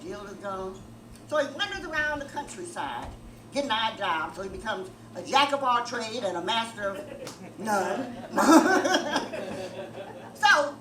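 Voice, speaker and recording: An older woman performing a stand-up comedy set, telling stories and doing crowd work in a club. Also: a little high. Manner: storytelling, sings a comic song. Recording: echoey club audio, far from mic, noisy.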